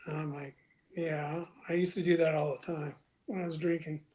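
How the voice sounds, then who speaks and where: A man guest on a podcast, telling a story casually and acting out other people's lines in a louder voice, with some profanity. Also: fairly high pitch, moderate pace. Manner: animated, acts out quoted dialogue with raised voice; crude, profane.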